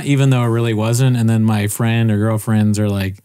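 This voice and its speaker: A man's voice: mid-range voice, level tone, fairly quick, a little mellow, clean tone. A young man co-hosting a podcast, chatting casually in a joking, laid-back way with plenty of swearing. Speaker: podcast co-host. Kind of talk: casual chat.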